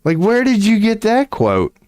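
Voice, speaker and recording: A man's voice: sits high, huge pitch swings, unhurried, a little mellow, clear, resonant tone, dry recording, clean studio sound, faint music behind. A man streaming, giving casual ranting commentary, profane and incredulous, laughing often.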